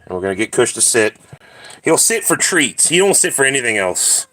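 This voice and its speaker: A man's voice: medium pitch, very animated, a little fast, sharp tone, no echo. A man, chatting on a live stream and talking to his cats in a playful sing-song. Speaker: streamer hosting a claw-machine game. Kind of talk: casual live-stream chat.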